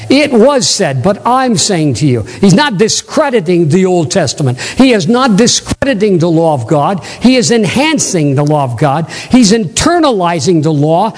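Exuberant high-voiced preacher man. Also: a little mellow, long reverb tail, low-quality recording. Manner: exuberant, calls for audience responses. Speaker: pastor. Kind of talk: sermon. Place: church sanctuary.

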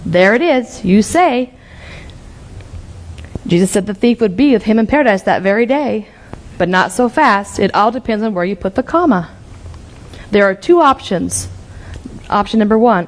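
A middle-aged woman delivers an earnest Bible-teaching sermon. Her voice sits in an ordinary middle pitch, and she reads scripture passages aloud between her own points. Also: animated, moderate pace, pauses often. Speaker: preacher.

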